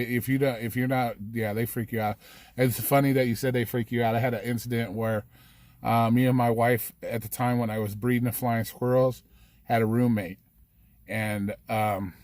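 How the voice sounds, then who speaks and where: A man's voice: medium pitch, a little mellow, no room sound. A man hosting a livestream, telling rambling stories in a casual way with heavy swearing. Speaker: livestream host. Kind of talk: casual storytelling.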